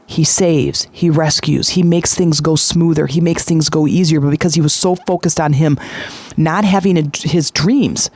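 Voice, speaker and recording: A man hosting a podcast, retelling a story in a lively, chatty way with frequent fillers. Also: on the high side, normal speed. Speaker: podcast host. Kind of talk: casual storytelling monologue.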